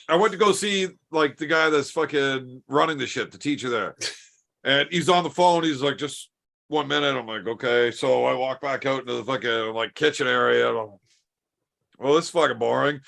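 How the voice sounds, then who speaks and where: A man's voice: medium pitch, gravelly, bright, forceful tone. A man in his thirties telling a rowdy, profanity-laced story over beers, acting out the dialogue as he goes. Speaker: podcast host.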